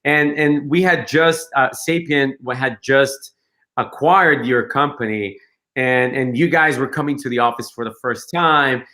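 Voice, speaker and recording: A man chatting as a guest, telling an anecdote with lots of energy. His voice is bright and forceful at a medium pitch. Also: measured pace. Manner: animated storyteller, enthusiastic. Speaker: guest, company co-founder. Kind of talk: casual interview chat.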